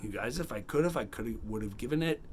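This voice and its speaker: A man hosting a casual, unedited book review, chatty and animated, acting out bits of the story in quick quotes. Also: medium pitch, slight background noise. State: has the hiccups. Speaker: book review channel host.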